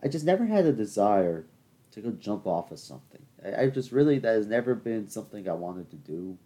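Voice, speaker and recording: A young man with a deep, low voice rants on his own show. He rambles through stories, stops to talk straight to his listeners, and keeps a loose, joking tone. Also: sing-song, a little fast, mellow. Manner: chatty, rambling, addresses listeners as people. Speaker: podcast host. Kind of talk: solo comedic rant.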